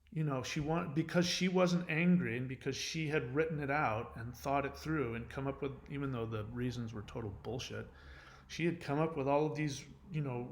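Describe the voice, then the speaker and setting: Earnest man rambling through a confession. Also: on the high side. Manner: rambling, frequent "you know" fillers and restarts. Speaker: channel host. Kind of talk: candid monologue answering viewer comments.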